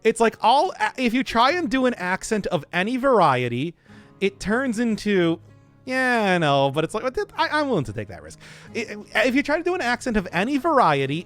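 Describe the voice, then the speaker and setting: A man's voice: high-pitched, very animated, brisk, a bit bright, soft background music. A young man streaming a game, rambling casually, laughing often and swearing. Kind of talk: casual live gameplay commentary.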